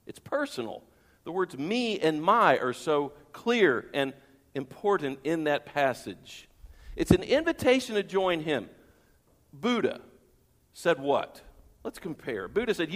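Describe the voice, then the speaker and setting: A man's voice: high-pitched, sing-song, moderate pace, fairly bright tone, in a large hall. A man preaching a sermon as pastor, emphatic, with rhetorical questions and repeated phrases.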